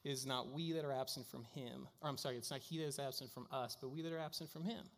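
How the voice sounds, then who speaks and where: Chatty pastor in a reverberant hall. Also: male voice, medium pitch, fairly even intonation, quick pace. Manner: casual storytelling with frequent fillers. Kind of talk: sermon.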